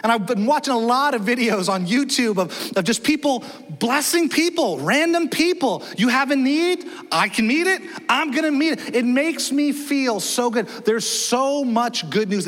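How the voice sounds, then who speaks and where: A man in his thirties preaching a sermon as a pastor, chatty and energetic, often asking the congregation questions. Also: very high-pitched, moderate pace, few pauses. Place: church auditorium. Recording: long church hall reverb.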